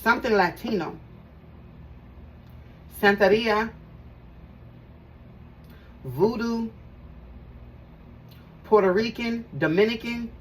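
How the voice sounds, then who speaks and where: A woman's voice: a little high, takes it slowly, long pauses. A woman giving a casual tarot reading to her viewers, chatty and emphatic, repeating phrases and talking straight to them. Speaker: tarot reader. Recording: voice a bit far from the mic, faint background noise.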